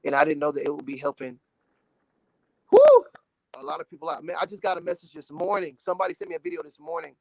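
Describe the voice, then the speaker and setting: Earnest, animated young man, slightly high. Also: very fast, gravelly, few pauses, no echo. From Dallas, Texas. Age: 20s. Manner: earnest and emotional, animated, many "you know"s. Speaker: gospel recording artist, interview guest. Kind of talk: casual interview talk.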